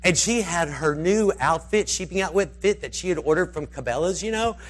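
A man with a fairly high voice preaches through a long anecdote, rambling and animated. His pitch swings widely as he acts out the people in the story. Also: moderate pace. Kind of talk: storytelling sermon.

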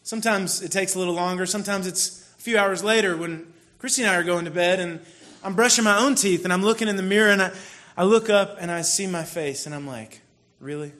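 A man preaching a sermon in a relaxed, conversational storytelling way, with sudden bursts of mock frustration. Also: high voice, quick pace, few pauses. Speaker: pastor.

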